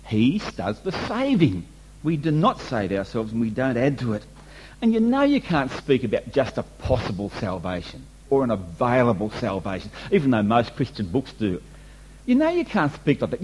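A man's voice: medium pitch, darkish tone, husky, poor audio. A man preaching a sermon, emphatic and repetitive, asking the congregation rhetorical questions. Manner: emphatic, repeats and restates points, rhetorical questions.

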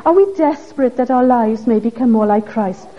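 A woman's voice: fairly high pitch, moderate pace, warm tone. A woman preaching a sermon, pressing her listeners with earnest, pleading questions. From Wales. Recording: dull lo-fi recording.

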